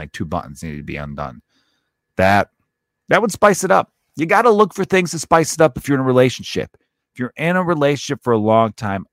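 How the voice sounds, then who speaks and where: A middle-aged man riffs through a profane comic monologue and keeps slipping into mocking voices for the people in his stories. His voice sits on the low side and the sound is dry and close, with no room around it. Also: no echo. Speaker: comedian.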